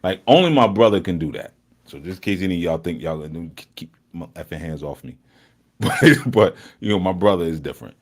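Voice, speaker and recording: A man hosting a live study session in a casual, joking way, laughing often and moving between loud and hushed talk. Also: low-pitched, expressive, fairly quick. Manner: teasing, joking with the chat.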